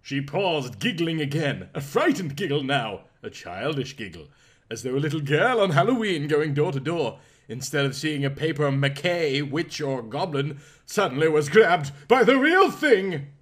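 A man's voice: fairly high pitch, very animated, unhurried, fairly bright tone. A man reading a comic parody story aloud in a melodramatic, mock-passionate narration.

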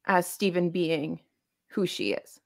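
A woman's voice: lowish voice, slow pace, creaky. A woman hosting a casual live book club podcast, talking through her thoughts in a rambling way with frequent restarts.

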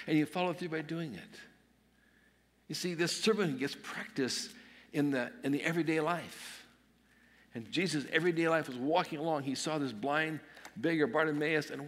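A man's voice: fairly high pitch, a little slow, pauses often, fairly bright tone. A man preaching an earnest sermon as pastor, swelling and dropping his voice for emphasis. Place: church sanctuary. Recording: long reverb of a church hall.

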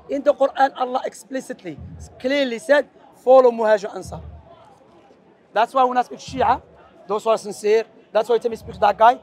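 High-voiced man preaching outdoors in a debate. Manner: earnest, animated and persuasive, sprinkled with Arabic phrases. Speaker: street preacher. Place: busy outdoor public space.

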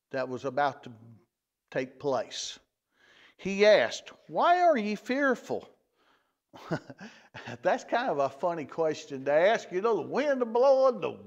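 A man teaches a Bible lesson in a folksy, unhurried way. His voice sits high and swings widely in pitch as he stops to repeat himself. The church recording sounds dull and lo-fi. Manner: folksy, repeats words, restarts phrases.

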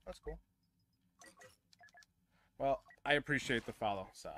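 A young man streaming a shooter game live, commenting excitedly and trash-talking the other players. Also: medium pitch, unhurried, long pauses.

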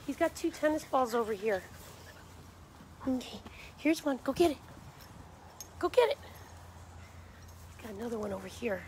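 A woman's voice: a little high, animated, a little fast, pauses often, a little mellow, a little hiss or hum. A woman on a live stream in a backyard, talking to dogs in coaxing baby talk, calling and cheering them on. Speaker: dog rescue volunteer. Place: backyard outdoors.

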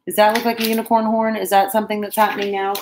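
A woman's voice: medium pitch, flat delivery, very fast, reverberant, a little hiss or hum, low-quality recording. A woman chatting casually and rambling to viewers while she crafts on a livestream. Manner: chatty, rambling, self-deprecating, talks to viewers and pets.

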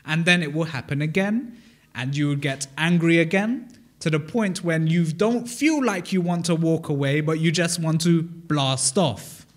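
A man's voice: fairly high pitch, measured pace. A British man preaching a sermon as pastor in a church, speaking conversationally, asking the congregation questions and often restarting his words. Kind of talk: interactive sermon. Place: church hall.

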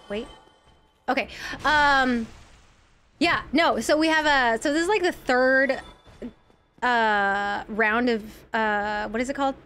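A woman's voice: a little high, a bit bright, a little hiss or hum. A young woman streaming a video game from home, chatting casually and giggling while she rambles and reads her chat aloud.

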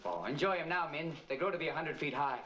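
A man's voice: fairly high pitch, animated, fast talker, highs cut off, heavy background noise, close to an everyday voice. An actor playing a goofy, playful male alien in a 1970s sitcom, with a zany, teasing delivery.

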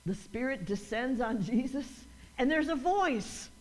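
A woman pastor delivering a lively sermon in a high voice. Her pitch rises and falls sharply as she repeats key lines and acts out quoted voices. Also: measured pace. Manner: call-and-response preaching, rising to emphatic repeats.

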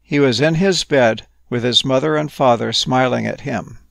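A man gently narrating a playful, whimsical bedtime story. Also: mid-range voice, moderate pace, creaky, no room sound.

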